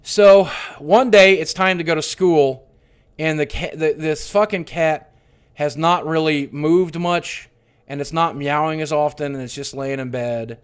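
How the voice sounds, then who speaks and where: A middle-aged man telling a painful personal story on his livestream, swearing often and swinging between hushed mutters and loud outbursts. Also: on the high side, clean tone. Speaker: streamer.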